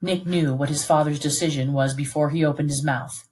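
A woman narrating a novel aloud in a steady, clear, unhurried reading voice. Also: low voice.

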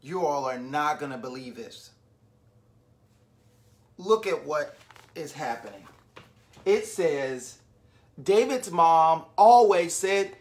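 A woman reads a picture book aloud to young children, often stopping to ask them questions and get them to join in. Her voice is low, darkish and animated, and she speaks slowly with long pauses.

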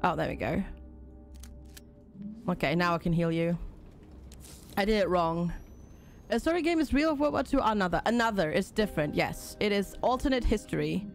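A woman's voice: medium pitch, very animated, normal speed, long pauses, faint music behind. A woman casually commenting on a game during a live stream, reading on-screen tutorial text aloud and chatting with and thanking viewers.

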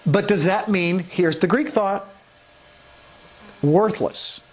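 A man's voice: high-pitched, takes it slowly, dull audio. A male pastor giving a sermon, pressing his point with rhetorical questions and reading scripture aloud. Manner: emphatic, full of rhetorical questions. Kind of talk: sermon teaching.

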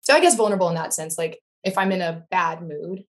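A woman's voice: fairly low pitch, quick pace. A woman, a guest on a casual podcast, speaking thoughtfully with frequent ums. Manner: thoughtful, hesitant with many ums.

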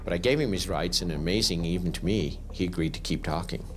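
A man's voice: deep voice, quick pace. A man who worked as a police investigator, telling his story in an interview in a plain-spoken way and often retelling what was said. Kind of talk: interview recollection. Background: documentary music.

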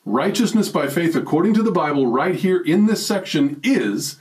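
Guy preaching a sermon, earnest and direct, drags out key phrases, middle pitch. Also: poor audio. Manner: earnest, stresses phrases by slowing down and rising in pitch; addresses listeners directly, challenging them.

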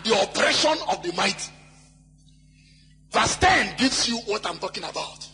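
High, lively preacher in a reverberant hall. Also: male voice. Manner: preaching with shouted emphasis and drawn-out scripture reading; mimics wailing crowds in sing-song cries. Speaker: pastor. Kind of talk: sermon. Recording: live hall with long reverb and faint music.

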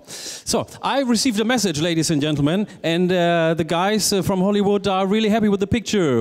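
A man's voice: high-pitched, darkish tone, big-room sound. A man with a German accent hosting an awards night on a theatre stage, playful and teasing, switching between English and German. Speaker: awards show host. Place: theatre stage before a live audience.

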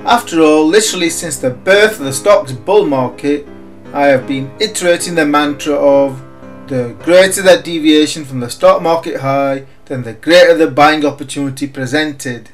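A man reading scripted market commentary in an emphatic, sardonic way. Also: fairly high pitch. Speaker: market analyst.

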